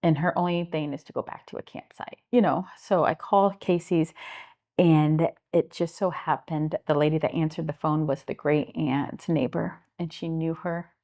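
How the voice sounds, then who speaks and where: A woman's voice: sits low, moderate pace. A middle-aged woman with a Midwestern American accent, a homeless services director telling stories earnestly in an interview, acting out the people she quotes. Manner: earnest, animated retelling with acted-out quotes. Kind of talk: interview storytelling.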